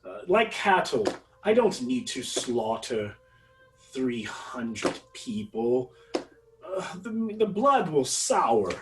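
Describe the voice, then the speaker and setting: A man voicing a menacing, aristocratic male vampire lord who speaks in slow, grand, threatening declarations. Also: medium pitch, big pitch swings, distant mic, background noise. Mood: regal menace.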